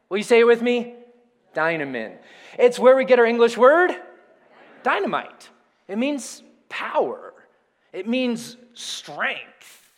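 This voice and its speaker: A high-voiced man preaches in a lively way, his pitch rising and falling widely. He calls on his congregation to say words back to him. The voice rings out through a church hall with long reverb. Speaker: pastor. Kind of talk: sermon. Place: church sanctuary.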